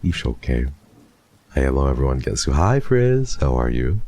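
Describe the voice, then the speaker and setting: A man streaming live, chatting casually with his viewers in a relaxed, chatty way and often breaking into soft laughs. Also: rumbling low, normal speed. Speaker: VTuber streamer.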